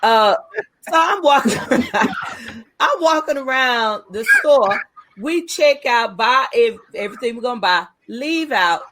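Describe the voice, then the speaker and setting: A woman's voice: on the high side, measured pace, noisy background. A woman hosting a casual talk show, telling stories. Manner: lively storyteller, emphatic. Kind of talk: casual chat.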